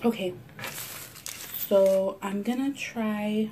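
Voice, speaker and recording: A young woman with a Los Angeles Chicano English accent tells stories animatedly between bites, swearing freely. Her voice sits at a middling pitch for a woman. She talks casually into a camera set on the table at home. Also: normal speed, slight background noise. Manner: profane, animated storyteller. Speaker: mukbang vlogger. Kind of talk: casual storytelling while eating. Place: home, near a window at sunset.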